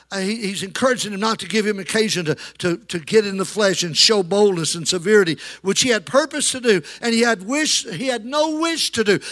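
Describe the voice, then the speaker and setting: A man's voice: high-pitched, bright, forceful tone. A male pastor preaching a sermon, calling out to the congregation for amens as he goes. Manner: preaching with call-and-response to the congregation. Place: church.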